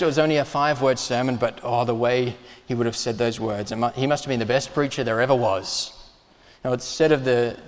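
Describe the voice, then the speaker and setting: Earnest preacher in a reverberant church. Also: male voice, mid-range voice. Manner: earnest, emphatic preaching with pauses and restarts. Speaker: pastor. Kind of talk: sermon.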